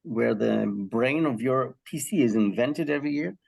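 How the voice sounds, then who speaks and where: A mid-pitched man from Israel with a gravelly texture, talking as a podcast guest. He tells his story in an animated way, full of ums and restarts, over a video call. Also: normal speed. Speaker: guest, health psychology professor. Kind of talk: conversational interview answer.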